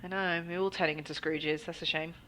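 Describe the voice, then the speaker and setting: A woman's voice: low-pitched, steady tone, a little fast, bright, forceful tone. An English woman co-hosting a podcast, chatting casually, laughing often and swearing freely. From England. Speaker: podcast co-host.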